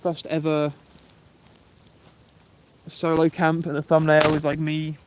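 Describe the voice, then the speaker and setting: A young Englishman talks casually to his live-stream viewers. His voice sits slightly high for a man, and he is loose and chatty, throwing in mate and bro as he answers comments. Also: monotone, slow pace, noisy background. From England. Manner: chatty and laid-back, says "mate" and "bro". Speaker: YouTube camping livestreamer.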